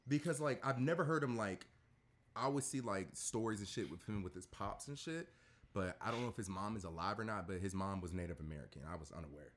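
A man's voice: fairly low pitch, animated, fast. A man hosting a casual sports podcast, rambling with fillers and swearing freely.

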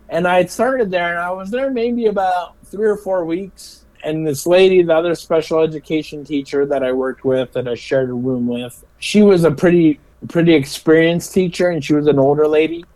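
A man's voice: a little high, poor audio. A middle-aged man telling stories in a casual interview, a special education teacher who often repeats his words and laughs as he talks. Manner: animated, laughing storyteller.

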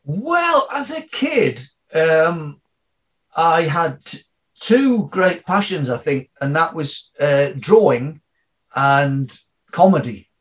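A man's voice: a little high, sing-song, slow pace, fairly bright tone. A middle-aged man with a Geordie accent, a comedian guest telling rambling anecdotes in a casual podcast interview, full of fillers and restarts. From Northeast England.

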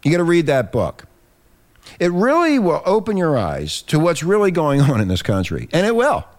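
Animated man hosting talk radio. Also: normal speed. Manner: animated, emphatic, swinging from low grumble to high exclaim; reads aloud from a written text between remarks. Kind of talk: political talk radio commentary.

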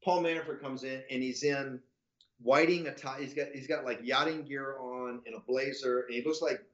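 A man's voice: medium pitch, fairly even intonation, moderate pace, fairly bright tone. Male podcast guest, loose profane storyteller who acts out the other voices; muffled, echoey room sound. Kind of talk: casual anecdotal storytelling.

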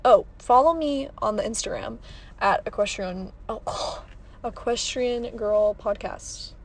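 A woman's voice: a little high, unhurried, gravelly. A young woman hosting a podcast from her parked car, rambling and chatty, laughing often. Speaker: podcast host. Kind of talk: casual chat.

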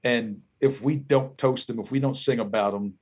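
A man with a Philadelphia accent, a musician guest telling profane, animated stories in casual podcast conversation. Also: mid-range voice, moderate pace.

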